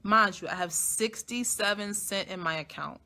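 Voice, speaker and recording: A woman with a bright, sharp-edged voice hosts her own live stream and tells a long personal story straight to her listeners. She talks bluntly, swears constantly, and moves from quiet asides to loud, emphatic outbursts. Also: medium pitch, normal speed. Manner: blunt, heavily profane, emphatic; animated, swings from soft to loud. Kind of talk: casual storytelling monologue.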